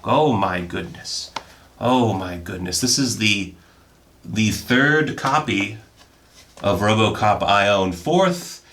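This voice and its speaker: A man chatting casually while he unboxes films, excitable and jokey, often bursting into high-pitched exclamations. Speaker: film vlogger.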